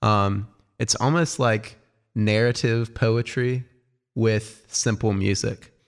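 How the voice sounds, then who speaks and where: A man co-hosting a casual album review, enthusiastic but halting, with many ums. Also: on the low side, fairly even intonation, smooth. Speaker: music review co-host.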